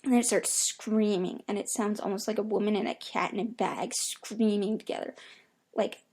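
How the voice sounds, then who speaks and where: A young woman reads a horror story aloud, her voice sitting a little high. She tells it casually, like a first-person account, swearing freely as she goes. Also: darkish tone, slightly rough. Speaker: narrator. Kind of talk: creepypasta reading.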